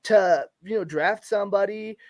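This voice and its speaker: A man's voice: high-pitched, moderate pace. Laid-back man co-hosting a podcast. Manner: laid-back, explanatory, filler-heavy. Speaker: podcast co-host. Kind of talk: casual sports chat.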